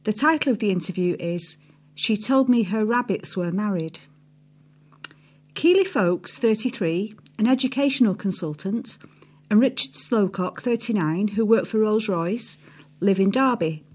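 A woman narrating a feature article in a steady read-aloud style, dropping her voice on the speech tags. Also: mid-range voice, moderate pace. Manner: reads quotes with a lift, drops for speech tags. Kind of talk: scripted narration reading quotes aloud.

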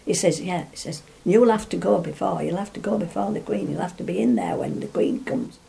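An older woman tells an anecdote in a meandering, chatty way. Her voice sits fairly low and has a gravelly, creaky edge. She keeps restarting her sentences as she goes. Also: a little fast, mellow. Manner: rambling, full of restarts, laughs while telling. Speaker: interviewee. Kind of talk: reminiscing storytelling.

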